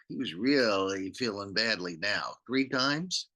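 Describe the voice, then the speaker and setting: A man, a pastor, telling a Bible story to children in an animated way, acting out the characters. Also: on the low side. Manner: animated, slow, acts out the characters.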